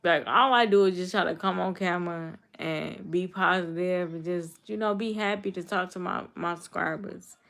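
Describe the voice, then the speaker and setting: A young woman chats on her livestream and answers comments. Her voice is low and gravelly, and she talks in a hurt, halting way, often repeating herself. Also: a bit bright. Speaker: livestream host. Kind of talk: casual live chat reading comments.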